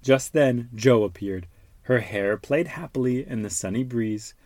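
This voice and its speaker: Give me a dad reading a bedtime picture book, mid-pitched, in a dry room. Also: male voice, measured pace, no echo. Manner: warm questions to the child, explains words. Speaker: father reading to his son.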